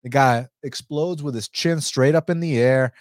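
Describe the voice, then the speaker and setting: A man's voice: mid-range voice, moderate pace, a little mellow, dry recording, clean studio sound. A young adult man giving a casual, blunt fight breakdown and betting picks, talking animatedly, swearing and using plenty of fillers. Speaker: MMA betting analyst.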